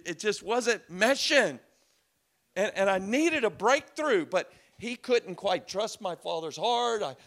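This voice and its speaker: A man's voice: high-pitched, fairly bright tone. A middle-aged man preaching a sermon, telling stories in a chatty way and acting out quotes. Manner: conversational storytelling with laughs and acted quotes. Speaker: pastor.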